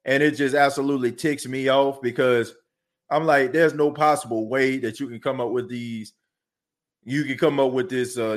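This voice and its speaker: A man hosting a sports podcast, ranting heatedly and repeating himself. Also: medium pitch. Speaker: podcast host. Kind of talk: casual sports talk.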